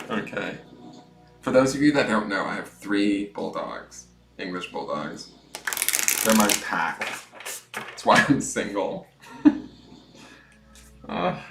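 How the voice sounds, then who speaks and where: A man hosting a casual tarot livestream from home, chatty and self-mocking, swinging between loud greetings and mumbled asides. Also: fairly low pitch, roomy sound. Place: room at home with dogs snoring nearby.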